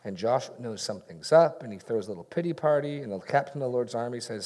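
A man's voice: mid-range voice, animated, fast talker, a little mellow. A middle-aged man, a pastor, preaching in a conversational way and acting out bits of dialogue. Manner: conversational, self-deprecating, acts out dialogue. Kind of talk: sermon with audience Q&A.

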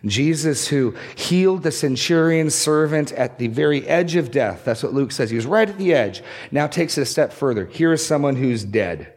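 A man's voice: a little high, animated, moderate pace, hardly any pauses. A man preaching a sermon, expository and emphatic, pushing up and dropping down to stress key words. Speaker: pastor.

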